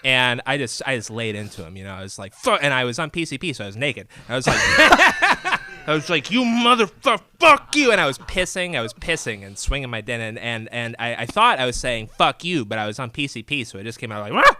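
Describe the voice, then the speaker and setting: A man's voice: medium pitch, expressive, fast, hardly any pauses, sharp tone, clean tone. A man who is a comedian, delivering an absurd made-up story in a mock-serious way. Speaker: stand-up comedian guest.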